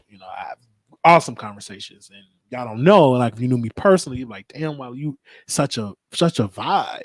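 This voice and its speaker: A man hosting a talk show, telling stories in a casual, slangy, animated monologue. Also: mid-range voice, dry recording. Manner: animated, slangy, acts out quotes.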